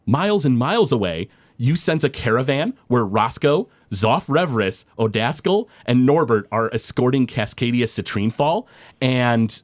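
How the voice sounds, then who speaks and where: A man's voice: mid-range voice, animated, moderate pace, no echo. A man narrating a tabletop game as game master, describing scenes loosely with many fillers.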